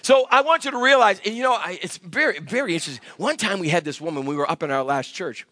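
A male pastor delivers an emphatic sermon in a strikingly high voice. His tone is bright and driving. The sound is close and dry, with no room echo. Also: lively intonation, fast talker. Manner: emphatic preaching with call-and-response. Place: church sanctuary.

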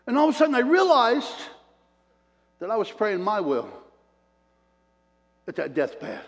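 An older man preaching a sermon, telling stories in an animated way that swings between loud bursts and hushed asides. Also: sits high, measured pace, long reverb tail.

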